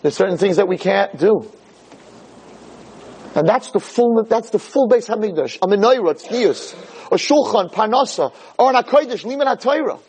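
A man delivering a religious lecture with a high voice. He tells animated stories and slips into the people he is describing. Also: moderate pace, husky, rough recording. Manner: animated storytelling, acting out scenes.

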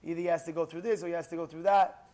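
A rabbi giving a Torah lesson, animated and repetitive, acting out little quoted exchanges as he explains. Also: on the high side, racing. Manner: animated, acts out quotes, repeats phrases.

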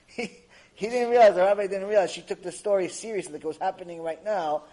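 Man, rabbi teaching a lesson, lively anecdotes, repeats words, fairly high voice. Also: fast, poor audio. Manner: animated, repetitive, acts out the people in his stories. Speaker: rabbi lecturer. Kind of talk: Torah lecture storytelling.

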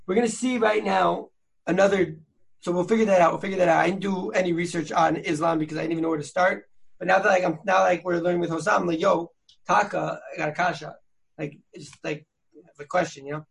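A man's voice: sits high, fairly even intonation, fast, vocal fry. A man hosting a podcast, teaching Torah sources in a chatty, slangy way with many fillers and restarts. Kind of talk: casual learning chat.

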